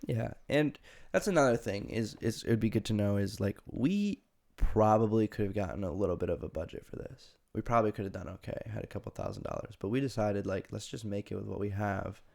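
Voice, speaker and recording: A young man hosting a podcast, telling a funny story in a casual, animated way and laughing often. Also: lowish voice, a little fast, vocal fry. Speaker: podcast host.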